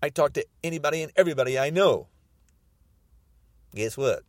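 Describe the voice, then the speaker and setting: A man's voice: a little high, lively intonation, brisk, no echo, clean studio sound. A man podcasting a ranting political monologue, mocking and repeating himself.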